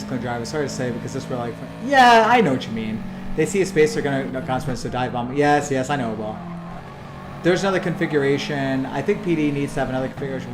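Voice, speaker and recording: A man streaming a racing game, chatting casually to viewers and leaning hard on likes and you-knows. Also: mid-range voice. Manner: chatty, talks straight to chat, many likes and you-knows. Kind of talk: casual live-stream commentary. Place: home room with racing rig. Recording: roomy sound over game music and engine noise.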